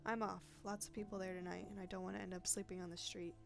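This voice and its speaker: A woman's voice: mid-range voice, little pitch movement, fast, gravelly, over music, close to an everyday voice. A woman reading a flirty cheerful cab passenger. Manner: breezy, teasing.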